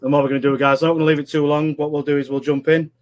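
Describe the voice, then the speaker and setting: A man's voice: on the high side, level tone, very fast. Chatty Yorkshire man hosting a livestream. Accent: Yorkshire English. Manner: chatty, jokey, says "mate" a lot. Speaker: webinar co-host. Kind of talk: casual live-stream chat.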